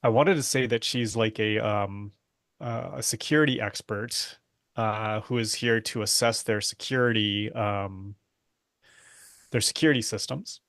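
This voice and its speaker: A man with a low voice speaks slowly while he plays a tabletop game. The sound is dry and close. He offers plans hesitantly, with plenty of ums. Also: fairly bright tone, no echo. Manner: tentative, filler-heavy pitching of ideas. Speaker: player. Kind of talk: tabletop role-play chat.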